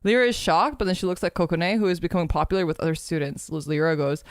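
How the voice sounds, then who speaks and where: A woman's voice: on the low side, quick pace, hardly any pauses, dry recording, clean studio sound. A woman streamer in casual chat, laughing as she reads out her old skit scripts.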